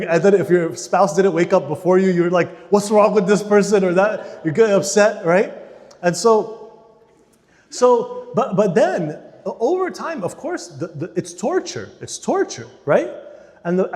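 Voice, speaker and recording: A man with a slightly high voice delivers an animated lecture at a church marriage day, acting out everyday scenes and swinging between loud emphasis and quiet asides. His voice carries a long reverb, as if spoken in a large church hall. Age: adult parent.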